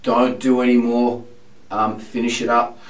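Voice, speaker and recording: Hoarse sick male singing teacher. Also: mid-range voice, little pitch movement, unhurried, echoey room, distant mic, poor audio. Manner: frank, explanatory, with many filler ums. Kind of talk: vocal lesson demonstration.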